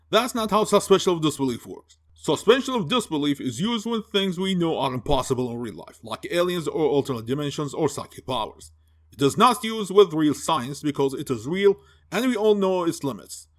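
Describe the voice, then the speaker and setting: A man tears into a film in a sarcastic, foul-mouthed review rant. His voice sits fairly high and swings widely in pitch. He sounds mocking and exasperated throughout. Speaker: movie reviewer.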